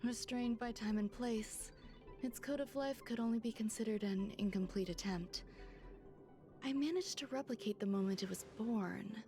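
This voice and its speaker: A woman reading the lines of a detached female genius scientist from a video game, speaking calmly in a soft half-whisper. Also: fairly high pitch, normal speed, over music, lightly acted.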